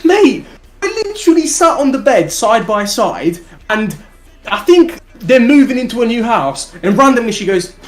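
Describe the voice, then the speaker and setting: Animated British guy telling a story. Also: very high-pitched, normal speed, soft background music. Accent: British English. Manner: animated, swears freely, laughs through the story. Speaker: live streamer. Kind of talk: casual storytelling on a livestream.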